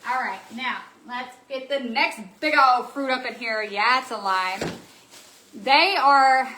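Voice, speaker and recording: A woman who owns a craft shop, hosting a live stream where she shows new supplies and chats excitedly with viewers. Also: sits high, slow, a little hiss or hum, rough recording. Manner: bubbly, excitable, chatty with viewers. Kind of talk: live stream product showing.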